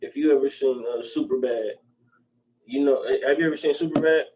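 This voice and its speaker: A man in his usual speaking voice, neither high nor low, chatting on a podcast. He rambles along in loose slang and keeps looping back to the same filler phrases. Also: steady tone, brisk, a little mellow, low-quality recording. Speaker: podcast co-host. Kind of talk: casual chat.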